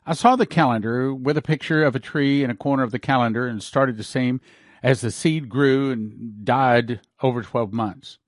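A man's voice: medium pitch, moderate pace, no room sound. Male preacher, reads dream accounts then comments, dry close mic. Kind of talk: sermon reading and commenting on dreams.

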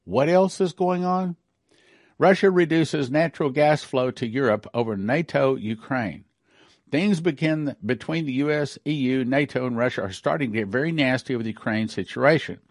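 A man's voice: mid-range voice, normal speed, no echo, clean studio sound. A middle-aged man giving emphatic news commentary with a prophetic bent, repeating and rereading his points.

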